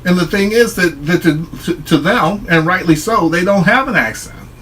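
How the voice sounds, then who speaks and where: A man with a slightly high voice speaks in an earnest, reflective solo vlog monologue. He lays out his point patiently to his audience. A faint hiss sits under the recording. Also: normal speed, fairly bright tone, poor audio. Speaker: online commentator.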